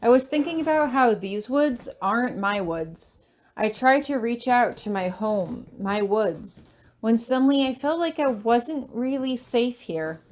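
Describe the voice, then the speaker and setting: A man's voice: extremely high pitch, animated, unhurried, a little hiss or hum. A woman voicing an anxious young man who speaks hesitantly and sounds unsure of himself.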